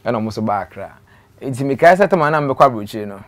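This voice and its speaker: Ghanaian man, interview guest, mid-pitched, storytelling, lets phrases fade out. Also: animated, rapid-fire. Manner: mixes in English words, drops to quiet trailing phrases.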